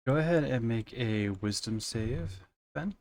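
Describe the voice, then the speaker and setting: A man acting as game master, narrating a tabletop game in measured, descriptive phrases. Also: mid-range voice, lively intonation, darkish tone.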